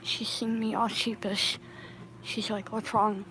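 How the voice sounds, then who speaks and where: A woman casually recounting a personal story into her phone, halting and restarting often. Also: mid-range voice, little pitch movement, background noise. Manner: halting, with many restarts and pauses. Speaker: storytime vlogger.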